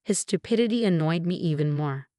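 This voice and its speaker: A woman reading a first-person story in a steady, scripted narration. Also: on the low side, a little fast, no echo, studio quality.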